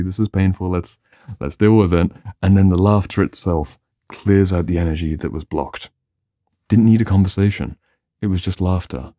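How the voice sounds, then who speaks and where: A man speaking as a therapist in a calm, unhurried, reflective solo talk. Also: very deep voice, dry recording, clean studio sound. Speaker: therapist and host.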